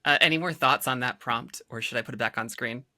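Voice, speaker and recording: Joking co-host lady from minnesota, bright voice, dry close sound. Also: a bass voice, quick pace, dry recording. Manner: joking, playful moderator. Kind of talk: casual chat.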